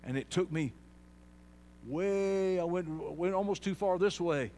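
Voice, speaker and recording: A man preaching a sermon, swinging from quiet, low passages to loud, shouted peaks. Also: normal speed, slight background noise. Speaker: pastor.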